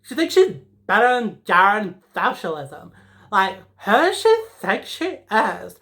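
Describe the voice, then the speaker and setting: A woman's voice: mid-range voice, big pitch swings, a little slow, a bit bright. A woman playing a sassy, dramatic teenage schoolgirl in a comedic character monologue, rambling and emotional with lots of "like". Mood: indignant.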